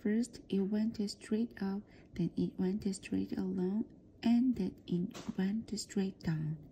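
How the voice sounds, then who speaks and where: A woman reading a children's storybook aloud for practice, softly and often in a whisper. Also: medium pitch, slow, slight background noise. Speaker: reader.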